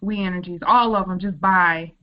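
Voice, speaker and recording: A woman's voice: fairly low pitch, steady tone, highs cut off. A woman from Wisconsin co-hosting a podcast in casual chat, blunt and sassy. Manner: blunt, sassy, quick to agree. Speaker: podcast co-host.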